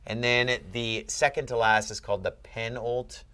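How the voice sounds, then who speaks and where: A man's voice: medium pitch, fairly even intonation, normal speed, pushed and bright, clean tone. A man tutoring a student one-on-one, explaining step by step and often checking that he is followed. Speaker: Greek tutor. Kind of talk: one-on-one language lesson.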